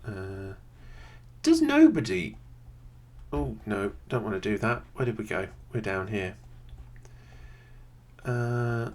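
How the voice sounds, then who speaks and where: A man, thinking aloud in casual gameplay commentary from a quiet home room, often pausing with "um". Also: lowish voice, fairly even intonation. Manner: thinks aloud, chatty, many "um"s. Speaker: video creator playing a geography game. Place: quiet home room with a computer under the desk.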